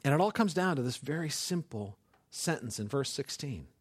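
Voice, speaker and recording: Passionate male pastor with an animated voice. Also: mid-range voice, moderate pace, husky, no echo. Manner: passionate, builds to near-shouts, frequent restarts. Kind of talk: sermon.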